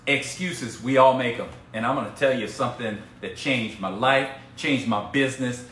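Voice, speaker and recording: A man's voice: mid-range voice, normal speed, fairly bright tone, slight background noise. A man coaching on a casual live stream, playful and teasing as he talks to viewers. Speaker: business coach. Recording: echoey room with faint ambience.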